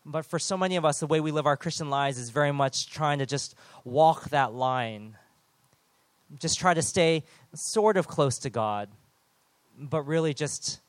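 A man's voice: mid-range voice, no room sound. A man preaching an earnest, conversational sermon with self-deprecating asides.

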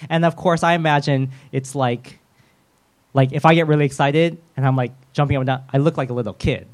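A man preaching a sermon in a lively, conversational way, with self-deprecating humor and quick role-played voices. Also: medium pitch. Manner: animated, acts out voices of biblical figures.

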